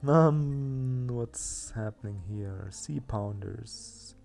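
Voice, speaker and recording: Man, let's play host, gravelly, self-mocking, casual gameplay commentary, mid pitch. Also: drawn-out words, a little mellow, faint music behind. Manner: chatty, self-mocking, thinks aloud.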